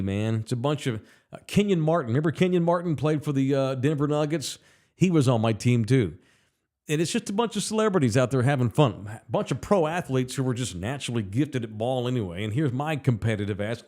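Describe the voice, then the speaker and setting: A man hosting a podcast, telling a story in a casual, profane and animated way. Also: medium pitch. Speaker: podcast host.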